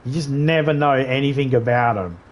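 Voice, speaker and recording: A man's voice: medium pitch, fairly quick. A man streaming a video game live, riffing in crude, rambling banter and laughing at his own jokes.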